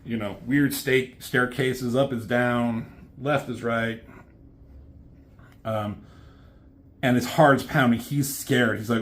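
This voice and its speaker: Casting: a man of middling pitch, casual comics reviewer, rambling and profane. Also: steady tone, slow, pauses often, fairly bright tone. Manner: rambling, swears, many fillers.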